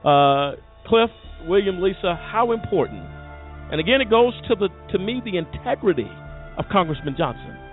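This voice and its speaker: A man's voice: high-pitched, expressive, moderate pace. A man hosting a talk show, speaking emphatically and rambling with repeated phrases. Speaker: radio talk show host. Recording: tinny phone-like audio with faint music.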